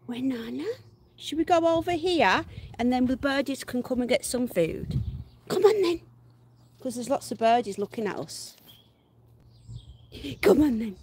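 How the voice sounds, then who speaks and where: High, lively woman cooing at her dog. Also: measured pace, pauses often, slight background noise. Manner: coos baby talk at her dog, laughs often. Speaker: livestream host. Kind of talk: casual live-stream chat with pets and viewers. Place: garden, outdoors.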